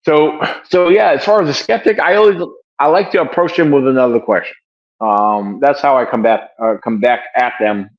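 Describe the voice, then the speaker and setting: The older guest, a wildlife and bigfoot researcher, has a mid-range voice and a moderate pace. Answering casually from a home room by the garage over muffled call audio, he rambles, chuckles, and keeps filling in and restarting his sentences.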